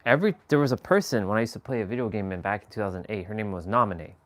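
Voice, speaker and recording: A man's voice: on the low side, rapid-fire, a bit bright. A man hosting a live stream, chatting casually in a rambling, slangy way with chuckling asides. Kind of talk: casual chat.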